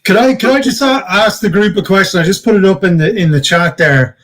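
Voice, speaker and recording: Jokey man with a higher voice. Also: fairly quick, fairly bright tone, poor audio. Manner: jokey, playfully self-interrupting. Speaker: podcast co-host. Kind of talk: casual chat.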